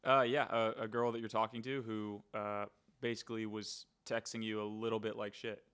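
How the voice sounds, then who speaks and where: A man's voice: on the low side, little pitch movement, normal speed, fairly bright tone, clear, resonant tone. A man hosting a podcast, asking questions in an easygoing way. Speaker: podcast host. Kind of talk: casual podcast interview.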